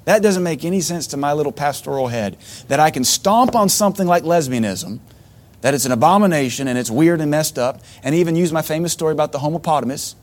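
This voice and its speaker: A middle-aged man preaching a sermon as pastor, animated, with sudden loud outbursts and mocking asides. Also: fairly high pitch, fast.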